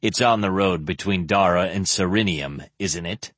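A man voicing a drunk, cynical male mercenary with a slurred, mushy voice, pitched lower than his own. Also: moderate pace, fairly bright tone, no room sound. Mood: sneering.

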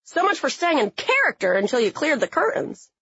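A young adult woman telling a funny personal story in a sarcastic, blunt and animated way. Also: high voice, fairly quick, dry recording, dull audio. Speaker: narrator.

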